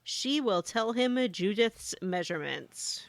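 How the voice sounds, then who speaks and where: A woman with a mid-pitched voice, recapping game scenes playfully and pausing on fillers as she goes. She sounds dry and close to the mic. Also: lively intonation, gravelly, no echo. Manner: playful storyteller, hesitant fillers. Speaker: podcast co-host. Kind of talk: casual recap of a video game.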